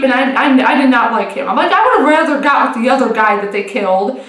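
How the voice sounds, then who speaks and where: A woman's voice: on the high side, expressive, normal speed, hardly any pauses, a bit bright. A young woman vlogger giving a casual recap of a TV episode. She rambles, restarts her sentences and swears freely. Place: room at home. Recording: echoey room.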